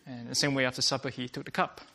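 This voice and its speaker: Gravelly-voiced man preaching a sermon. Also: medium pitch, level tone, rapid-fire, bright, forceful tone. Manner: earnest preaching with frequent "uh" fillers and restatements.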